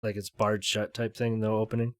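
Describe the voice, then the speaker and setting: A man's voice: on the low side, level tone, a little fast, dry recording. A man playing a tabletop game, asking the game master brief, plain questions. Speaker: player.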